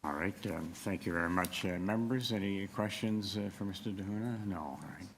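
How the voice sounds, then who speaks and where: A man with a fairly low voice chairs a public hearing, reading out items in a formal, procedural manner. A faint hiss sits under his voice in the hearing room. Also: brisk. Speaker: committee chair.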